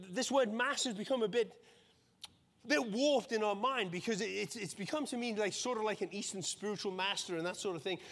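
A man with a high voice preaches a sermon in a relaxed, conversational way, checking in with "okay?" and often repeating words. His voice rings with a long reverb, as in a church hall. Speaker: pastor.

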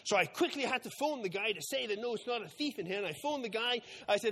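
A man tells a Bible story to a group of children, playing out the characters as he goes. His voice sits very high and bright. The delivery is animated, with lots of swing in pitch. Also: quick pace. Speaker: children's talk leader.

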